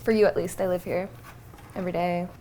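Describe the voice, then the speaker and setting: A woman's voice: fairly low pitch, steady tone, a little fast, background noise. Chatty young woman baking at home. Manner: chatty, talks to her dog. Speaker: vlogger. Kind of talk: casual baking vlog. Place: home kitchen.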